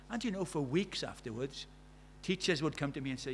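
A South Welsh man preaches with earnest conviction, his voice sitting a little higher than most men's. He swings between loud, pressing emphasis and quiet, confiding stories, with a faint hum behind him. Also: expressive, brisk. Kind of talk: sermon with personal stories.

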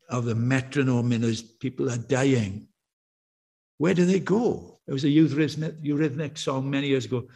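A man's voice: mid-range voice, slightly rough. A man preaching a sermon in a church, talking in a conversational way, telling stories and asking his listeners questions. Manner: conversational, anecdotal, full of rhetorical questions.

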